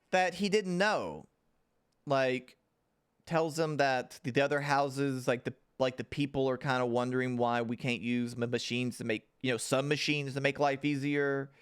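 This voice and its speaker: A man's voice: mid-range voice, a little slow, clean tone. A man recapping a TV episode in a rambling, casual livestream, with many fillers and restarts. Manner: laughs and swears casually. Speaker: TV show reviewer.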